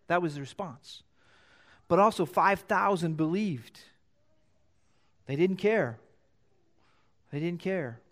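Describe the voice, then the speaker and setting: A pastor preaching a sermon, reading scripture aloud and repeating key phrases for emphasis. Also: male voice. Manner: reads scripture louder and higher, then drops low to explain.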